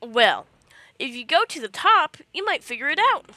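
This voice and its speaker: A woman's voice: high voice, very animated, moderate pace, bright, forceful tone, voice pushed up, heavily acted, low-quality recording. A woman doing a sly, teasing imp girl. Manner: teasing, sing-song taunts. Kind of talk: fan voice acting over gameplay.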